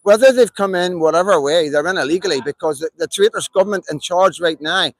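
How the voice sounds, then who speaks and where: A man from Northern Ireland speaks with a Belfast accent in a raised, fairly high voice. He talks straight to his audience in a live-stream monologue, hammering his points with emphatic repetition. The sound is close and dry, with no room around it. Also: quick pace, dry recording, poor audio.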